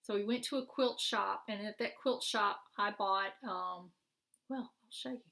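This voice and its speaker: With a gravelly, sharp-toned voice of medium pitch and a measured pace, a middle-aged woman chats as a craft vlogger. She shows off what she bought in a rambling, friendly show-and-tell, with lots of fillers and restarts.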